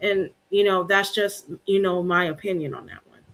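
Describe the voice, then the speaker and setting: A woman's voice: fairly low pitch, normal speed, fairly bright tone, a little hiss or hum. Woman on a panel rambling her take, lots of um and you know. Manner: rambling, filler-heavy opinions. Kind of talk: casual panel chat.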